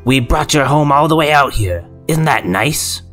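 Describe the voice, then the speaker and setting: Man doing a gruff, sinister possessed general. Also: on the low side, lively intonation, a bit bright, faint music behind. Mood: eerily kind. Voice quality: gruff, slow and delicate. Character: sinister male military general, possessed, coldly coaxing.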